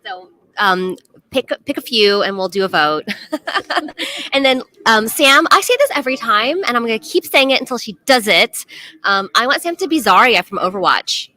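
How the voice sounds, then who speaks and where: A woman's voice: fairly high pitch, lively intonation, moderate pace, bright, forceful tone. A woman hosting a casual convention panel chat, bubbly and teasing, laughing often.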